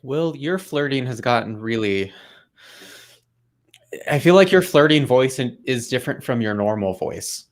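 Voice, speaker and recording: A man's voice: mid-range voice, lively intonation, measured pace, natural voice. A man playing a bemused husband in an improvised comedy scene, teasing his partner in a dry, mostly plain voice.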